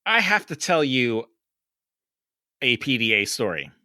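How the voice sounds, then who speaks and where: A man co-hosting a podcast, telling a story in casual chat, animated and swearing, getting loud when he quotes people. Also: mid-range voice, unhurried, no echo, studio quality. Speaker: podcast co-host.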